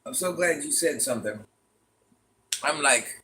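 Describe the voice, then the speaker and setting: Bright-voiced man chatting as a granny. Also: fairly high pitch, expressive, measured pace, slight background noise. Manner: chatty, dramatic, calls viewers "child" and "honey bun"; repeats lines for comic effect. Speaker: livestream host playing a granny persona. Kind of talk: casual livestream chat.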